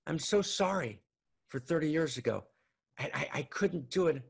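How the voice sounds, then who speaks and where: A man voicing a desperate middle-aged male merchant who pleads and grows frantic, with a gravelly husky voice. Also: a little high, animated, normal speed, heavily acted. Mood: pleading.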